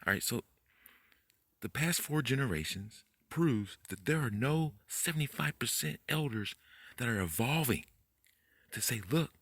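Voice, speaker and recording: A man giving a rambling, profane late-night monologue, talking fast, tripping over his words and jumping up in pitch when he gets worked up. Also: animated, fairly bright tone, no room sound, clean studio sound. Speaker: conspiracy video host.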